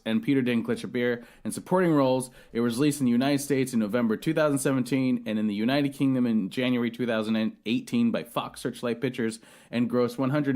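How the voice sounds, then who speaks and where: A man's voice: mid-range voice, a little mellow. Man, podcast host, casual movie review, rambling, swears a lot, restarts often. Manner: rambling, profane, many restarts and fillers.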